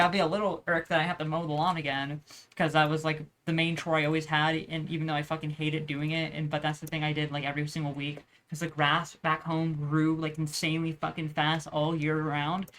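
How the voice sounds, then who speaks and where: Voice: mid-range voice, fairly bright tone. A young adult vlogger chatting casually while drawing, rambling with lots of swearing and restarts. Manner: rambling, profane, many restarts.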